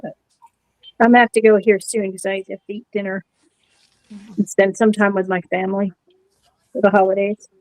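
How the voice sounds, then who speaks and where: A middle-aged woman with a middle pitch, recorded with a dry, close sound. She chats and teases her friends over a video call. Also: little pitch movement, moderate pace, pauses often, darkish tone, dry recording, low-quality recording. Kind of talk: casual chat.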